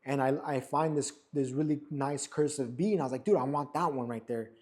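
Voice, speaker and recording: Animated young man telling a story. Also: medium pitch, fairly quick. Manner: animated, acts out quotes of others. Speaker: barber and podcast co-host. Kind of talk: casual storytelling. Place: barbershop.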